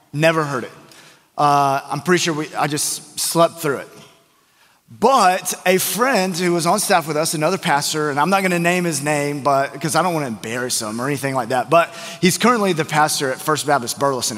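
A man's voice: on the high side, fairly quick, a bit bright, big-room sound. A man preaching a sermon as a pastor, telling a story in a casual, joking, conversational way. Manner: conversational and joking, acts out quoted voices. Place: church sanctuary.

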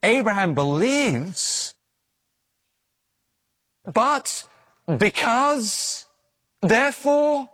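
A man preaching a sermon, telling stories with animated acted-out voices and frequent stammered restarts. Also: extremely high pitch, extremely slow, long pauses. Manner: animated storytelling, acting out voices in his anecdotes; repeats words when restarting.

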